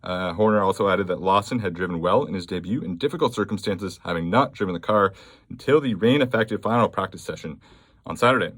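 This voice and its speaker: A man with a somewhat low voice hosts a casual solo podcast. He talks in a blunt, offhand way, reading news aloud with plenty of fillers. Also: quick pace, a bit bright, dry recording. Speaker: podcast host.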